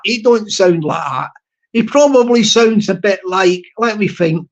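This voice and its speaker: A man's voice: high-pitched, expressive, a little slow. A man hosting a casual livestream chat, rambling and joking with his viewers. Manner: rambling, playful and jokey. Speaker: livestream host.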